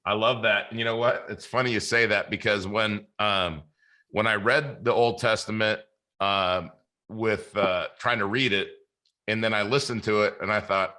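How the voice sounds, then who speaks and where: A man's voice: fairly low pitch, fairly even intonation, moderate pace, pushed and bright. A man hosting a podcast in casual interview chat, earnest and faith-filled, often restarting his sentences. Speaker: podcast host.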